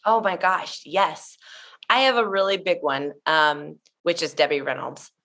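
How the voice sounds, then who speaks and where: A woman from Tennessee in her thirties, a guest chatting in an interview, telling animated stories full of "like" fillers. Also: lowish voice, a little slow. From Tennessee, USA. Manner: gushing, animated storyteller with many "like" fillers. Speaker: guest, show emcee. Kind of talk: casual interview chat.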